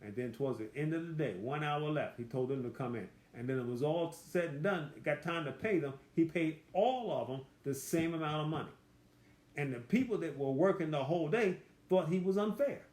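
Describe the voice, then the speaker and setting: A man's voice: fairly high pitch, lively intonation, a little mellow, reverberant. Folksy man teaching a Bible study. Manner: reads verses slowly and emphatically, then explains in plain folksy talk.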